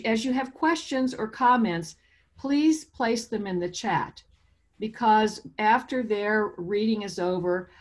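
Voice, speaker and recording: A woman who owns a bookstore, hosting and introducing poets at a reading held over video call, in a chatty, informal manner. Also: medium pitch. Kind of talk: introducing a virtual poetry reading.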